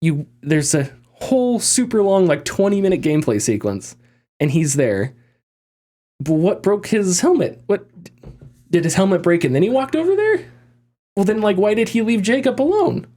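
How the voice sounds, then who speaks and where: A man with a slightly high voice talks through a story in casual podcast chat. He rambles, restarts his phrases and keeps the energy up. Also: moderate pace. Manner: animated, rambling, frequent restarts and laughs. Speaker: podcast host.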